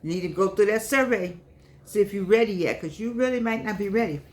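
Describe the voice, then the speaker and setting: An older woman talking straight to her viewers in a chatty monologue. Her voice sits at a middle pitch and is slightly unclear from missing teeth. She scolds freely, and her pitch jumps up high when she gets going. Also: fast talker. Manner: chatty, scolding, repeats herself, animated rises. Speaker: vlogger and author. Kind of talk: casual monologue to camera.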